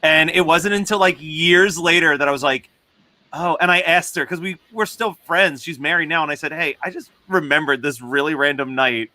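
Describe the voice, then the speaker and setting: A man's voice: on the high side, normal speed, pushed and bright. A man hosting a live podcast stream, telling a story in casual chat and laughing often. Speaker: podcast host.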